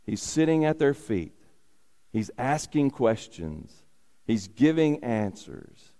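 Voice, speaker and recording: A man's voice: mid-range voice, big pitch swings, slow, warm tone. A man preaching a sermon as a pastor, repeating key phrases for emphasis and asking rhetorical questions. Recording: long hall reverb.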